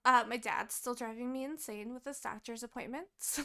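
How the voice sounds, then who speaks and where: A woman's voice: a little high, moderate pace, sharp tone. A young woman co-hosting a podcast, chatting casually and rambling through her week, swearing often and laughing. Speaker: podcast co-host. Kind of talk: casual chat.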